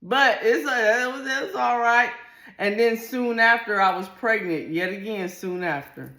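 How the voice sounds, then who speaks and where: A woman's voice: a little high, unhurried, pushed and bright. A middle-aged woman, telling a personal story to camera in a candid, earthy, blunt way. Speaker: vlogger. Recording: echoey room.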